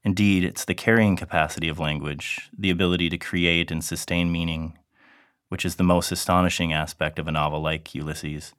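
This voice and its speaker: A man reading an academic lecture in a measured, deliberate way. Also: a bass voice, fairly bright tone, no room sound, studio quality.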